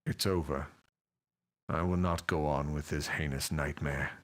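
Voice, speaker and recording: A deep, slow, despairing doctor. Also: male voice, fairly even intonation, a bit bright. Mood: brooding despair. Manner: slow, theatrical brooding despair. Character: despairing male doctor, weary and self-pitying. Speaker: game character. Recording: faint game music behind.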